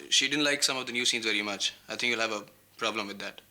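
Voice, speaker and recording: A man's voice: on the low side, fast talker, pushed and bright. An actor playing a boastful, flirtatious male film star with an Indian accent, breezily mixing Hindi into his English. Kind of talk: 1990s TV drama acting.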